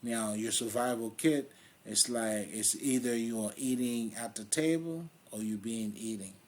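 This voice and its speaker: A man with a Haitian accent hosts a casual spiritual video, speaking in a blunt, streetwise, emphatic way and swearing heavily. His voice is mid-range and a little mellow, and he keeps a measured pace.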